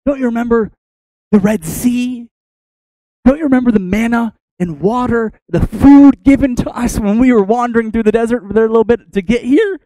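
A preacher voicing a distraught male prophet, shouting at his people and then pleading with them in a strained voice. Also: fairly high pitch, moderate pace, no echo, lightly acted, rough recording.

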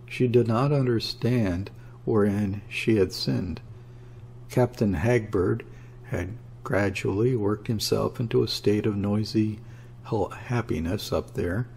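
A man narrating a classic story in a measured, dramatic reading. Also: on the low side, vocal fry, darkish tone, a little hiss or hum. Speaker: audiobook narrator.

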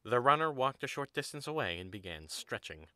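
A man narrating an audio drama in an even storybook manner. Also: mid-range voice, a little fast, smooth, dry recording, studio quality. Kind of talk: scripted narration.

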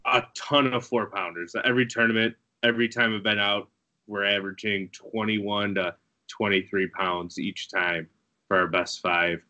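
Guest: man from Buffalo, low and forceful tone, chatty, laughs a lot. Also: steady tone, normal speed. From Buffalo area, USA. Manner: chatty, laughs through his stories. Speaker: guest angler. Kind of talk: casual podcast chat.

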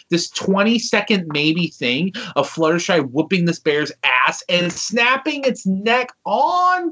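A man's voice: fairly high pitch, muffled recording. A man co-hosting a podcast, chatting casually about a cartoon episode, joking and swearing as he goes. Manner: animated, joking, profane. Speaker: podcast co-host. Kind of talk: casual episode recap chat.

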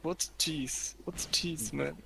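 Ein Mann mit polnischem Akzent, Polnisch als Muttersprache, der beim Spielen locker plaudert und seine Mitspieler neckt. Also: male voice, fairly high pitch, takes it slowly, vocal fry, crowd noise. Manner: joking, teasing banter. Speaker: streamer playing a tank game. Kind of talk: casual gaming chat. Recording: noisy home mic.

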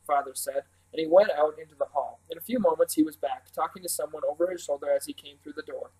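A man reading a children's novel aloud in steady, clear storytelling. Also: fairly high pitch, fast talker, few pauses, low-quality recording. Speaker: reader.

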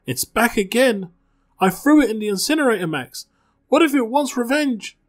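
A man doing a shrill, panicky bartender. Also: animated, extremely slow, bright, forceful tone, exaggerated voice. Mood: panicked. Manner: shrill, frantic, sobbing pleas. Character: terrified panicky male bartender, young adult.

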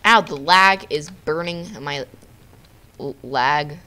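A woman giving playful, jokey live commentary on her own gameplay, with quick outbursts at the game. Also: sits low, sharp tone. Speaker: gamer narrating her own video.

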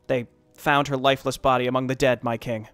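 A dutiful messenger reports to his king in formal, respectful words, as a man reads him aloud. The voice is middle-pitched and dry, close to the microphone. Soft game music sits faintly behind. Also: little pitch movement, fairly quick, clear, resonant tone, no room sound, natural voice. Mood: solemn. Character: dutiful male royal messenger. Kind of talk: reading game dialogue aloud.

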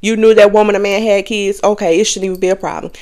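A woman's voice: medium pitch, steady tone, quick pace, a little mellow. A young adult woman hosting a podcast, talking candidly and casually to her viewers, often laughing. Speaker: podcast host. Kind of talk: casual confessional chat.

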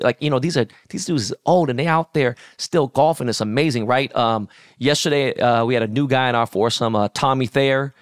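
A middle-aged man co-hosting a podcast, telling animated, profane stories in casual chat. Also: medium pitch, no room sound, clean studio sound. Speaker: podcast co-host.

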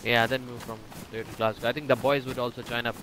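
A man, playing along and calmly giving directions in casual game chat. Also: mid-range voice, fast talker. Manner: laid-back, giving directions. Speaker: fellow player. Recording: noisy background.

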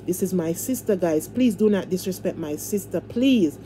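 Fervent mellow-voiced woman. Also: fairly low pitch, animated, moderate pace, slight background noise. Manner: fervent, repetitive, preacher-like pleading. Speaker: livestream host. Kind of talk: casual livestream chat.

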